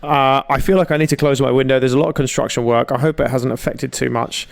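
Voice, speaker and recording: A man co-hosting a comedy podcast, teasing his partner in quick, casual banter from a room at home. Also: medium pitch, steady tone, creaky. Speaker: podcast co-host. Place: home room with window open.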